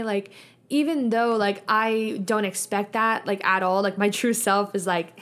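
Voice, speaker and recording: A woman's voice: mid-range voice, fairly even intonation, normal speed. Chatty young woman saying "like" constantly. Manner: chatty, says "like" constantly, reflective and earnest. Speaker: podcast host. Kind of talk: casual solo podcast monologue.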